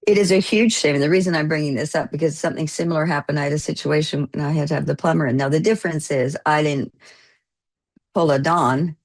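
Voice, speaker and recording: A woman guest telling a lively anecdote in an interview, laughing and acting out what people said. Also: deep voice, fast. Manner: animated, laughing storyteller who acts out quotes. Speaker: guest actor. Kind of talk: casual interview storytelling.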